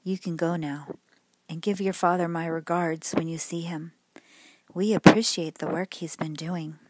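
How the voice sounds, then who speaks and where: A woman's voice: fairly low pitch, fairly even intonation, measured pace, husky. A woman voicing a blunt, sarcastic male police detective in a bedtime story, curt and dry in manner. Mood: brisk.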